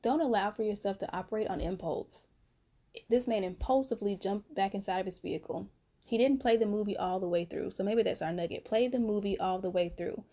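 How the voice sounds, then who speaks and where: Late at night at home, a young adult vlogger from North Carolina tells a story, chatty and animated, calling her viewers honey and baby. She speaks at medium pitch and a little fast.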